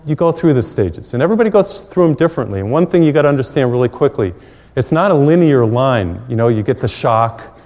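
Middle-aged priest, mellow voice, chatty and gentle, lots of echo around him. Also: male voice, mid-range voice. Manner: gentle, conversational, with frequent fillers and light chuckles. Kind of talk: pastoral talk to viewers.

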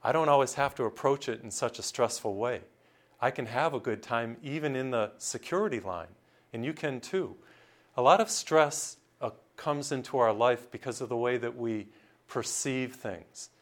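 Priest giving a sermon. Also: male voice, mid-range voice, normal speed. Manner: storytelling with voiced characters and jokes.

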